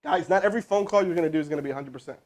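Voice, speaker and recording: This one features a man on the high side speaking very fast. He makes a live cold sales call, then coaches his crew, chatting casually with lots of fillers and false starts, all in an energetic, wandering style.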